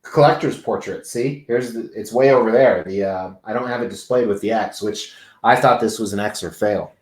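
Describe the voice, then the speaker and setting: Low-voiced man rambling on a live stream. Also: normal speed, reverberant. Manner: rambling, chatty, swears freely. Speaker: livestream host. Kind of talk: casual live-stream chat. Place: large indoor convention venue.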